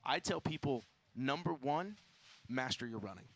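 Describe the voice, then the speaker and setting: A man and gym owner giving live race preview commentary, stressing points in energetic lists. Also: mid-range voice, normal speed.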